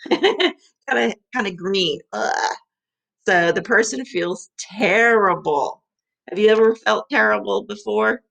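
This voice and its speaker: A woman's voice: mid-range voice, animated, slow pace, creaky, fairly bright tone. A middle-aged woman teaching vocabulary to young children, sounding out letters and syllables.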